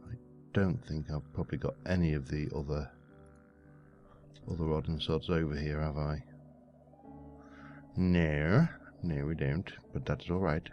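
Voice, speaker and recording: A man's voice: a bass voice, steady tone, a little slow, long pauses, lo-fi sound. A man giving rambling, muttering commentary while playing a game. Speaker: let's play host. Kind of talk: casual gameplay commentary. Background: faint background music.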